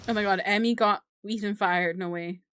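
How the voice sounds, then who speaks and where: A woman streamer giving casual commentary in quick, chatty asides while reading a game. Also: mid-range voice, steady tone, fairly bright tone, slight background noise.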